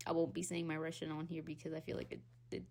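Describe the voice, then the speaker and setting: A young woman hosting her own podcast, ranting in a casual, animated way, swearing freely, laughing often and jumping between loud squeals and low mutters. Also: fast. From Hispanic background. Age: young adult. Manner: animated, swearing, laughs often, big swings in pitch and loudness. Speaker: podcast host. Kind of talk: casual solo rant.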